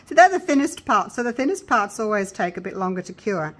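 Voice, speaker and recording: A woman chatting casually through a resin crafting tutorial, excitable and gushing with delight. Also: medium pitch, moderate pace. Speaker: craft vlogger.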